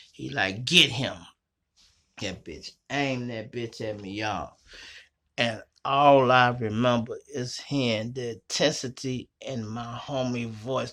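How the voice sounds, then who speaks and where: A middle-aged man hosting his own show from a small home studio, telling stories in a slangy, profane, animated way. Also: medium pitch. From Chicago. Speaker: host. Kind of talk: casual storytelling monologue.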